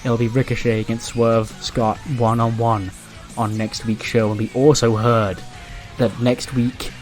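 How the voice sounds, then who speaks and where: A man's voice: mid-range voice, level tone, measured pace, soft background music. A man narrating a wrestling game playthrough in a chatty, casual way. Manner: chatty, laughs often. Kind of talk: casual let's-play recap.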